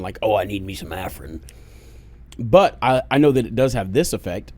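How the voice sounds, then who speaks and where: A man co-hosting a podcast, talking in casual banter with jokes and profanity. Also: mid-range voice. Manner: joking, profane, rambling. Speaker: podcast co-host. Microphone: studio podcast mic.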